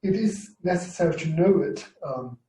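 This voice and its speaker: A man teaching Greek to a class, explaining rules in halting phrases and often repeating himself. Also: on the high side, expressive, warm tone. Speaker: Greek lecturer. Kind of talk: university class discussion. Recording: roomy, distant mic.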